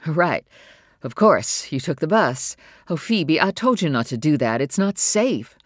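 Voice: medium pitch, lively intonation, moderate pace, dry recording, clean studio sound, natural voice. A narrator voicing a tired, worried mother who speaks sharply and with strained patience in an audiobook. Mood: exasperated. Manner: sharp and exasperated. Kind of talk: audiobook character voice.

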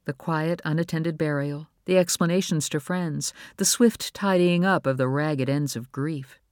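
A woman narrating a novel in a calm, measured audiobook reading. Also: deep voice, no echo, studio quality.

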